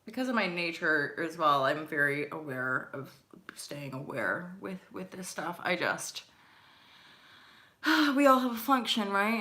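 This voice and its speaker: A woman with a fairly low but bright, forward voice hosts a casual live stream doing intuitive tarot readings for her viewers. She rambles and chats, swears now and then, and laughs easily, all picked up through a webcam mic.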